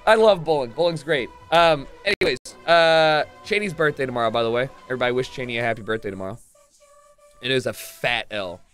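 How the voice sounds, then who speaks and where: A young man streaming, telling a story casually to his chat, swearing freely and acting out the moments, rising to shouts. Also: mid-range voice, fairly quick, faint music behind.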